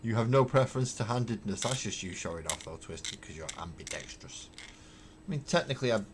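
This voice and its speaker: A man with a deep voice rambles through viewer comments on his livestream, wry and thinking out loud between fillers. He talks into a webcam mic in his hobby room at home, with a faint hiss behind him. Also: animated, brisk. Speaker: livestreaming miniature painter. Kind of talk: casual livestream chat, answering viewer comments.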